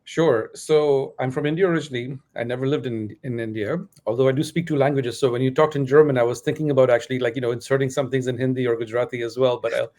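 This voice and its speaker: A man from Bahrain, a guest on a business talk show, talking in a quick, chatty way. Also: mid-range voice, fairly even intonation, darkish tone. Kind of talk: casual interview talk.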